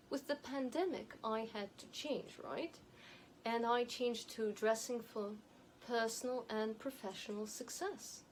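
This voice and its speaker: Woman with a light non-native accent giving style advice to camera, kinda high voice, slow and emphatic. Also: a little mellow, slight background noise, rough recording. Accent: light non-native, elocution-trained. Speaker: image and style consultant.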